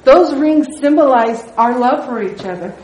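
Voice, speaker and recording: A woman's voice: high-pitched, animated, moderate pace, a little mellow. A middle-aged woman leading a Bible study, telling a personal testimony in an earnest, conversational way. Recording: echoey room.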